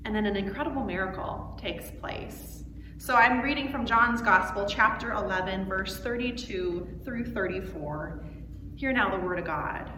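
A woman pastor giving a sermon and reading scripture aloud with earnest, expressive emphasis. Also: mid-range voice, moderate pace. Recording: echoey hall with long reverb, background noise.

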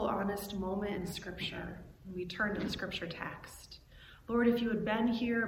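Woman, pastor, sermon, earnest expressive delivery, long reverb. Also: on the high side. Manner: earnest, expressive reading with dramatic emphasis. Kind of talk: sermon with scripture reading. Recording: echoey hall with long reverb, background noise.

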